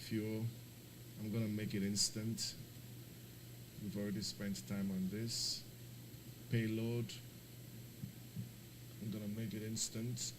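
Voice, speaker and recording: A man's voice: on the low side, slow, pauses often, noisy background. Man rambling through a flight sim stream. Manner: apologetic, rambling, talks to himself through setup; animated, emphatic when ranting, laughs often. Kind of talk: casual live-stream commentary.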